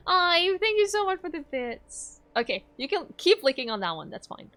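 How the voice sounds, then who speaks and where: A woman's voice: very high voice, sing-song, a little slow, bright, forceful tone. A woman from Norway, streaming a game and chatting casually, giggling and cooing at her dog.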